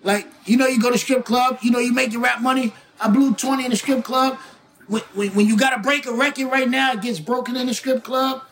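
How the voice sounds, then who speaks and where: High-voiced man, shouty and emphatic. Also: fairly even intonation, brisk, slight background noise, poor audio. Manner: emphatic, repeats words, bursts into shouting. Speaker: guest rapper. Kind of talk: casual interview talk.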